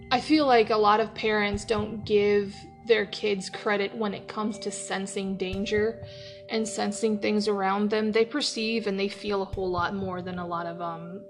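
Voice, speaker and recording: A woman's voice: medium pitch, steady tone, measured pace, over music. Fired-up woman ranting on a podcast. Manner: heated, profane, swinging between yelling and laughing. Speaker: podcast host. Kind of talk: opinionated podcast rant. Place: at her workplace.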